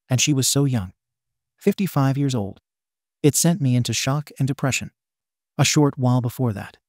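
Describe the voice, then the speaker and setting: Male narrator for online story readings: warm, dark tone, dry close sound, steady first-person delivery. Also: mid-range voice, dry recording. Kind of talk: scripted narration of online posts.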